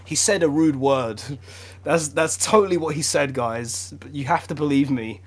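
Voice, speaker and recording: A young British man with a slightly husky, somewhat high voice co-hosts a casual podcast. He jokes around with friends, laughing and feigning outrage in playful banter. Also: moderate pace. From Britain. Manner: laughing, mock-outraged joking. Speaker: podcast co-host.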